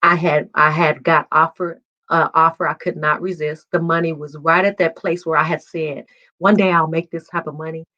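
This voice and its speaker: A woman's voice: sits low, fairly even intonation, moderate pace, sharp tone. A woman in her forties telling her personal testimony as a podcast guest, candid and emotional, laughing at times. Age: 40s. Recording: dull lo-fi sound.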